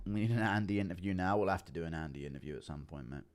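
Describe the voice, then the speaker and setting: A man's voice: deep voice, very fast. A man streaming live, chatting casually and laughing often as he reads out his chat on a streaming mic. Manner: laid-back, chuckling, reads chat aloud.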